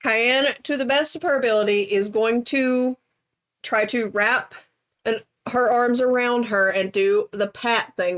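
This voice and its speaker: Woman player, higher voice, slow, gentle in-character comfort. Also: fairly even intonation. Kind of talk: playing a tabletop game.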